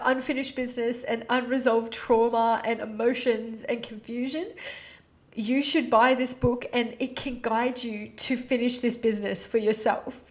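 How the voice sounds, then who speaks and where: A woman with a fairly high-pitched voice hosts her own podcast and speaks openly and from the heart. Her talk is casual and confessional, full of "you know" and "like". Her voice carries strong emotion as she shares something personal. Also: steady tone, moderate pace. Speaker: podcast host.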